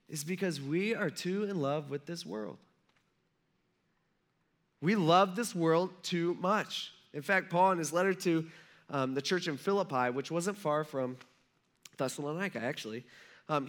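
Male pastor from the US, chatty sermon delivery, higher pitch. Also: moderate pace, a bit bright. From United States. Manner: conversational preaching, acts out quotes.

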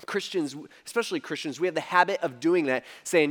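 A male pastor preaching a conversational sermon, animated and swinging between soft and loud. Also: a little high, brisk, few pauses.

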